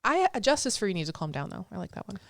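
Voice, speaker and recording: A woman's voice: mid-range voice, very animated, rapid-fire, gravelly, no room sound. Chatty woman podcast co-host, dry sound. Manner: chatty, reads notes, frequent ums and laughs. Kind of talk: casual chat.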